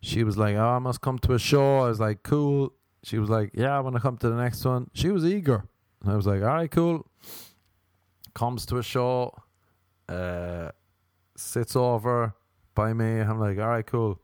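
A man telling crude, deadpan stand-up stories, acting out the quoted lines. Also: mid-range voice, normal speed, clean tone, dry recording, studio quality. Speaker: comedian. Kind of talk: stand-up storytelling.

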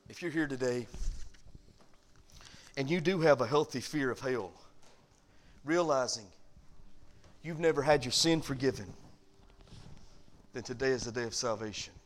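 A man pastor preaching a sermon, animated and calling for amens. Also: medium pitch, moderate pace, long pauses. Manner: animated preaching, calls for amen.

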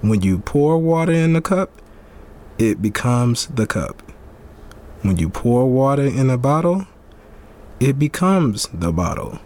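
A man putting on a clumsy accent to voice a calm male martial arts master reciting a saying slowly. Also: mid-range voice. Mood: solemn. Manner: slow, drawn-out put-on accent.

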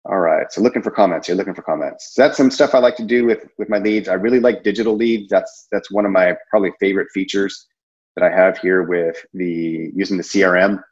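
A deep-voiced man speaks fairly quickly over dull audio. He's an insurance sales presenter whose casual training talk wanders conversationally, packed with fillers and false starts.

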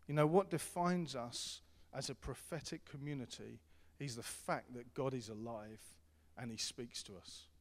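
A middle-aged man preaching a sermon as pastor, earnest and repetitive, swinging between loud appeals and hushed tones. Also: medium pitch, unhurried, hardly any pauses. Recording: long hall reverb.

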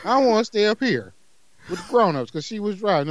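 A man's voice: high voice, sing-song, a little fast, no room sound. A man co-hosting a podcast, chatting casually and teasing, stretching out long words syllable by syllable. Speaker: podcast co-host. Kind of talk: casual comedic chat.

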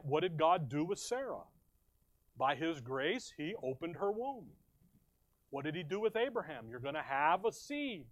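A man's voice: high voice, dry recording. A man preaching a sermon, reading scripture aloud and firing questions at the congregation before answering them himself. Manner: reads scripture aloud in slow stressed phrases. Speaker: pastor.

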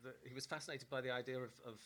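A man's voice: medium pitch, flat delivery, rapid-fire, pushed and bright. A man interviewing a guest, feeling his way through questions with hesitant phrasing.

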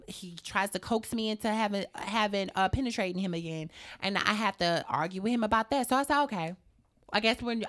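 Animated woman telling a story. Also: medium pitch, quick pace. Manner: animated, acts out quoted dialogue, swears freely. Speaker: guest telling a personal story. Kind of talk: casual storytelling.

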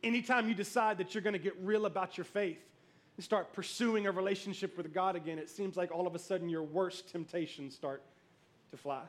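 High-voiced preaching pastor, man. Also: brisk. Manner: storytelling, animated, calls out to the congregation. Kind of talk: sermon.

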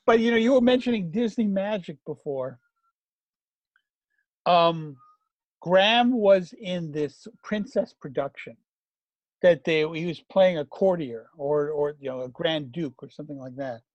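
High-voiced man telling stories. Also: unhurried, dry recording, muffled recording. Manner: animated anecdote teller. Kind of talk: casual storytelling.

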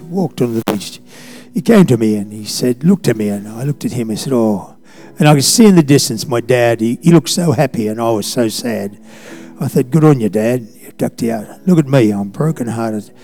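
An older man preaching a sermon, moving from loud declarations to hushed, halting memories. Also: mid-range voice. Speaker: pastor.

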